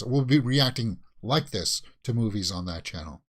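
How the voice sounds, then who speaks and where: A man with a Canadian accent giving casual reaction commentary, thinking aloud and often pausing to search for words. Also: medium pitch, animated. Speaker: reaction video host.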